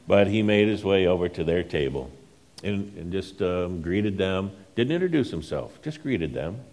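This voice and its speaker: Low-voiced man preaching a story. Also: expressive, normal speed, darkish tone. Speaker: pastor. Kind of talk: sermon storytelling.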